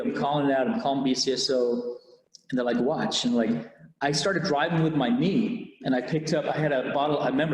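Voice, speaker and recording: Cop guy telling his story, lots of restarts, middle pitch, echoey room. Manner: candid, halting, with many restarts. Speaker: police officer. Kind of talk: personal story in an interview. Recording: echoey room with long reverb.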